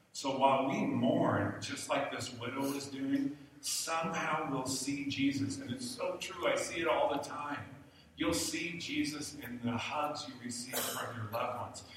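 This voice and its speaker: A male pastor giving a sermon, an animated storyteller who swings between hushed and loud delivery. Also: mid-range voice, a little hiss or hum. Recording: echoey hall, mic from far off.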